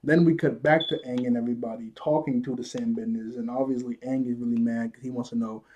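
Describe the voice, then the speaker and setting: A man's voice: mid-range voice, fast, muffled recording, noisy background. A man casually recapping a cartoon episode, acting out the characters' lines and laughing often. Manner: animated retelling, acts out quotes, laughs often. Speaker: show reviewer.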